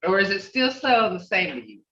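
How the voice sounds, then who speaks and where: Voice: medium pitch, very animated, fairly quick, pushed and bright, distant mic. A language teacher leading an online class, patiently repeating phrases to model their tone. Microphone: video call. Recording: roomy, dull video-call audio.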